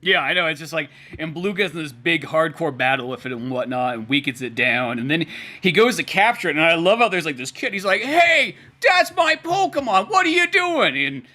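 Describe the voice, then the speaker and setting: With a fairly high, pushed, bright voice and a fairly quick pace, a young man co-hosts a podcast in casual, profane chat. He's heavy on fillers and acts out lines quoted from a comic.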